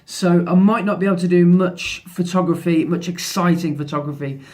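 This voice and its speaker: A man in his thirties with a fairly high voice chats to camera in a relaxed vlog. He sounds upbeat and a little rambling, often restarting his sentences, and he talks about his photography work while he is out and about. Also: normal speed. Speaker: photographer vlogger. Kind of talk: casual vlog talk to camera. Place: outdoors by the sea, then in town.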